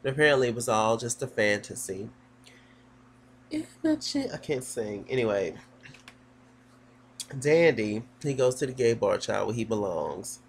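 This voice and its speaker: A man's voice: lowish voice, normal speed, creaky, a little hiss or hum. A man giving a casual, gossipy recap of a TV episode, sassy and full of fillers.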